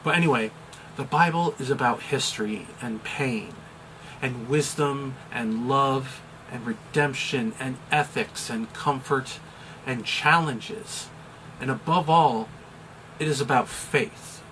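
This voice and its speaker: A middle-aged American man, a chaplain, explaining a topic in a measured, deliberate way with some fillers. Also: mid-range voice, fairly bright tone, a little hiss or hum, poor audio. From United States. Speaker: chaplain and pastor. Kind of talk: explanatory video commentary.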